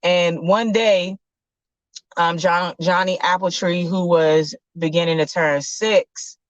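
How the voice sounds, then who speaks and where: Low-voiced woman telling a story casually. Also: takes it slowly, no room sound. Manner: relaxed, slangy, with fillers and self-corrections. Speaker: podcast host. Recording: dull lo-fi sound.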